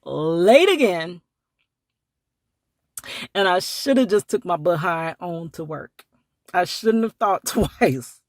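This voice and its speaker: Talking to the camera in a casual vlog, a woman tells a story slowly with long pauses, acting out each person through big leaps in pitch and laughing often. The recording is dry, with clean studio sound.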